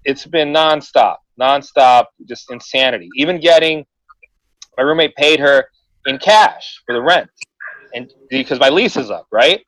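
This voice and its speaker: A young man telling a story on a podcast, animated, swearing freely and mimicking the people in it. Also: mid-range voice, a little slow, dry recording, low-quality recording. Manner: animated, swearing, mimics voices in his stories. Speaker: podcast co-host. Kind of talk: casual storytelling chat.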